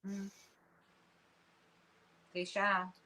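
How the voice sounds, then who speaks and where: Woman podcast cohost, slow unhurried talker, dry blunt comebacks. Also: mid-range voice, completely flat delivery, bright, forceful tone, rough recording. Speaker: podcast co-host. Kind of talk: casual chat.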